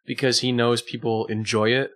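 A man's voice: medium pitch, little pitch movement, moderate pace, a bit bright. A man co-hosting a podcast, laid-back, throwing in dry asides in casual chat. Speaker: podcast co-host.

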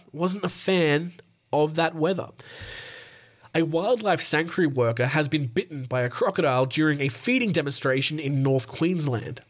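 A young Australian man hosting a podcast, reading news stories with sweary, laughing asides and sounding tired. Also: a little high. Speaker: podcast host.

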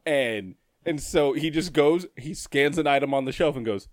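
A man's voice: mid-range voice, normal speed, no echo, studio quality. A man co-hosting a casual chat, telling a workplace story with a lot of swearing and frequent laughter. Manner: profane, animated, laughs often.

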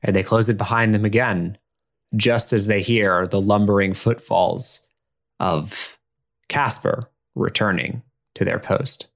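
A man narrating as game master in a relaxed, jokey way. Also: fairly low pitch, unhurried, vocal fry.

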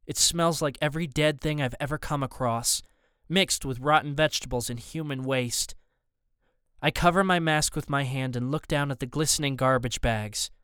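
A man narrating a tense first-person audiobook in a steady storytelling manner. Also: medium pitch, normal speed, clear, resonant tone, dry recording, studio quality.

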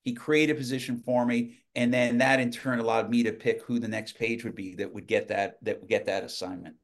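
A man guest on a podcast, telling lively anecdotes in casual conversation, often restarting his sentences. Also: mid-range voice, brisk. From United States. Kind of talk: casual storytelling.

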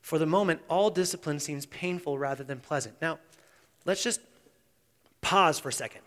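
High-voiced male pastor preaching in a reverberant hall. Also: normal speed. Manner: swings between hushed intensity and loud animated emphasis. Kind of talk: sermon. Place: church sanctuary. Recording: long church reverb.

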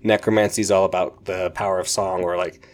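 A man's voice: low voice, level tone, brisk. A man hosting a podcast, reviewing a fantasy novel in a casual, enthusiastic, rambling way and often correcting himself. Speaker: podcast host.

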